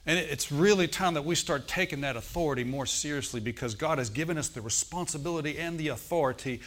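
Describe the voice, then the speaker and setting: A man's voice: fairly high pitch, quick pace, fairly bright tone. A man preaching a sermon as pastor. He tells stories, acts out the voices in them and calls for amens from the congregation. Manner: storytelling preacher who acts out quoted voices.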